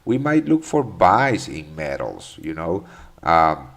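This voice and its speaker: Man, low voice, live market commentary, casual and profane, lots of ums and restarts. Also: big pitch swings, takes it slowly, gravelly, fairly bright tone. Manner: loose and profane, many fillers and restarts. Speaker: trading stream host answering chat questions.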